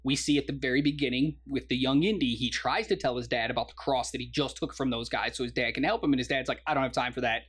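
A man's voice: medium pitch, fast, few pauses, fairly bright tone, husky. A man co-hosting a casual movie review chat, eager and laughing often as he acts out lines from the film. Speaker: podcast co-host.

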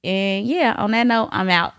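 A woman's voice: medium pitch, moderate pace, a bit bright, smooth. A woman hosting a solo podcast in a candid, playful way that breaks into laughter. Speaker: podcast host. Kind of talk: casual solo podcast talk.

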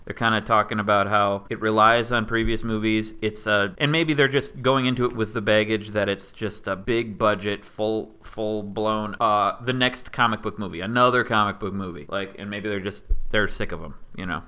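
A man's voice: fairly low pitch, steady tone, normal speed, few pauses, sharp tone, clear, resonant tone. A man guesting on a podcast, chatting casually with many restarts.

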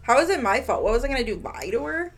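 A woman's voice: high voice, sing-song, fast talker, vocal fry. A woman co-hosting a casual chat, blunt and playful, swearing freely. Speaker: podcast co-host.

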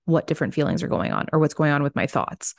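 A woman's voice: deep voice, very animated, fast, vocal fry, no echo, studio quality. A woman hosting a podcast interview, talking candidly and bluntly, swearing freely and acting out little dialogues as she tells stories. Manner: acts out little dialogues when telling stories. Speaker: podcast host. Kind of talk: casual interview chat.

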